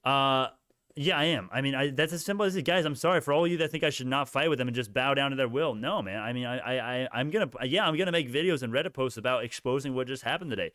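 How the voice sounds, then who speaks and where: A man's voice: mid-range voice, fast talker, a bit bright, no room sound, clean studio sound. A young man hosting a casual stock livestream, ranting heatedly at his chat with many restarts.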